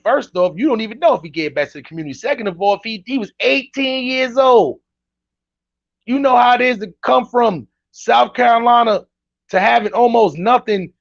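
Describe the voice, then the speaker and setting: A man hosting casual reaction commentary, animated and incredulous, talking straight to his chat. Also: very high voice, gravelly, dry recording, muffled recording. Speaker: commentary host reacting to clips.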